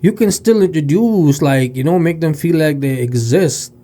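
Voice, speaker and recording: A man's voice: a little high, normal speed, mellow. Blunt man reacting to a clip. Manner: blunt and profane, talks to viewers. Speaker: reaction host. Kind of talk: reaction commentary.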